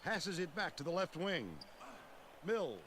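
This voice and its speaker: A man's voice: sits high, lively intonation, a little slow, noisy background. A man calling basketball play-by-play in a video game, speaking in short clipped phrases. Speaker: play-by-play commentator. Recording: quiet game audio from far off.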